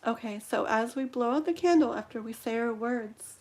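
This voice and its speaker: Female live-stream host, fairly high voice, soft reassuring guidance with frequent "okay", hiccups between lines. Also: moderate pace, hardly any pauses. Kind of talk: live-stream healing ritual talk.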